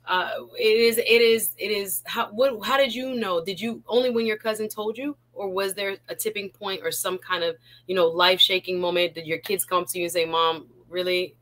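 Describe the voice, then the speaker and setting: A woman hosting a casual interview, lively and quick to jump in, with an African American English accent. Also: mid-range voice. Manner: lively, interjecting, laughs often. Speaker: show host.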